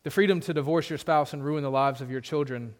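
Guy preaching a sermon, higher pitched, earnest, swings from loud to hushed. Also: quick pace. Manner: earnest, emphatic preaching with sudden drops to a low hush. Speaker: pastor. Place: church.

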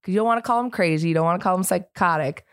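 Lower-voiced lady podcast cohost, lively storyteller, dry sound. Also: very fast, clean tone, no room sound. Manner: animated storyteller, laughs often. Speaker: podcast co-host. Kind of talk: casual chat.

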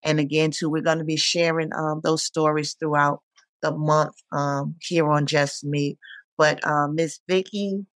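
Halting podcast host with a dry sound. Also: mid-range voice, flat delivery, dry recording. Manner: warm, halting, many fillers. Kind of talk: conversational interview.

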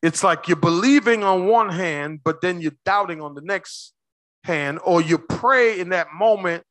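A man preaching a sermon as pastor, quizzing his congregation with quick questions and slowing down hard to stress key words. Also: sits high, a bit bright, no room sound. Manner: call-and-response questions to the congregation.

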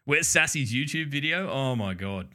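A man chats loosely on a podcast, swearing freely and breaking into laughter often. His voice has a bright, forceful edge that cuts through, landing at a middling pitch for a man. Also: animated, normal speed. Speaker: podcast co-host. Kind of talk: casual chat.

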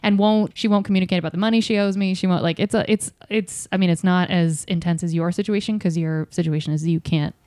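A woman co-hosting a casual podcast chat, telling stories in an animated, profane way. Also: fairly low pitch, quick pace, hardly any pauses, dry recording, studio quality.

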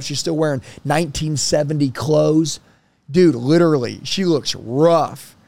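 A man in his thirties telling personal stories in a casual interview, blunt and animated, swearing freely. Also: on the high side, a little slow, vocal fry. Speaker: guest.

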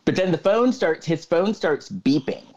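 A man's voice: on the high side, normal speed, muffled recording. A man co-hosting a podcast, casually recapping a movie plot and acting out the characters' lines. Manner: animated retelling with acted-out quotes. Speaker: podcast co-host.

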